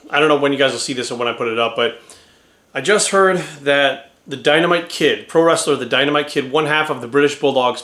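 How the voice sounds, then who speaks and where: Middle-aged guy rambling thru a story, swears a lot, roomy echoey room. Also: mid-range voice. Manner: rambling, animated, acts out quoted voices, swears. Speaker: vlogger. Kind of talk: casual storytelling. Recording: roomy echo.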